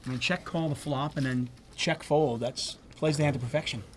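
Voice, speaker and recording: A man's voice: medium pitch, steady tone, normal speed. A man giving play-by-play poker commentary, chatty and joking with his co-host. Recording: noticeable background noise.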